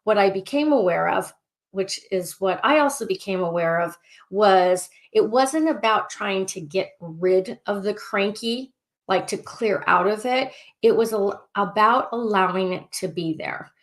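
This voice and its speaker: Leading a relaxed group session, this life coach speaks in a mid-range voice at a measured pace. She's excitable all the same, talking in loops and often repeating phrases and clearing statements.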